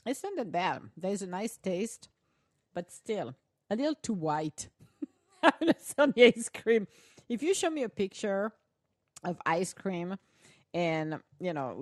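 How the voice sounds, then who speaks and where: A woman hosts a relaxed, rambling chat while she eats. Her voice sits low, and she laughs easily as she drifts from one thought to the next. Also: unhurried. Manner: chatty, rambling, laughs often. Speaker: podcast host. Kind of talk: casual chat while eating.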